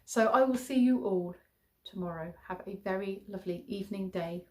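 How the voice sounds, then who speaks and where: With a mid-range voice at normal speed, a middle-aged woman from England wraps up her vlog, chatting casually and rambling to her viewers. She's a childminder and vlogger, warm-hearted and talkative, with frequent chuckles.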